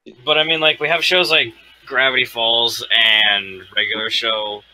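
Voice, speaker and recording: A man's voice: mid-range voice, steady tone, moderate pace, bright, forceful tone, dry recording, poor audio. A man in casual podcast chat who agrees easily and laughs often.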